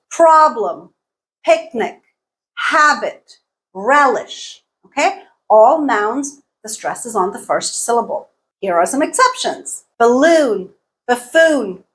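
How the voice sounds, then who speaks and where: A woman with a fairly high-pitched voice teaches an English pronunciation lesson. She patiently repeats each example word slowly and keeps checking in with "okay."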